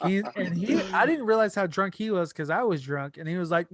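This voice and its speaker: A young man hosting a podcast, telling a story in casual chat with animated delivery and plenty of swearing. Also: high voice, brisk, hardly any pauses, over a noisy crowd. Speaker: podcast host.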